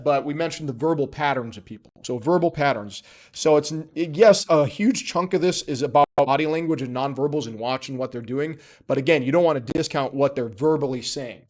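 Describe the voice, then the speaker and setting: This male instructor's voice sits on the high side with a slightly mellow quality. His spoken lesson is relaxed yet emphatic, full of chatter, repeated "okay?" check-ins, and little jokes.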